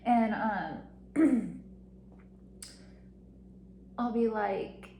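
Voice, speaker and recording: Young woman vlogger, rambling confessional chat, slightly high voice, echoey room. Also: steady tone, drawn-out words, vocal fry, dark tone. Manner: rambling, heavy use of "like", frequent giggles. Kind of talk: casual confessional monologue. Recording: echoey room with faint ambient noise.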